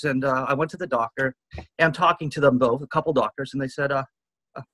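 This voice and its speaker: Interview guest, fifties man, husky and dry-sounding, earnest rambling storyteller. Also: mid-range voice, steady tone, fairly quick, bright, forceful tone, dry recording, low-quality recording. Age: 50s. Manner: earnest, rambling, quotes others.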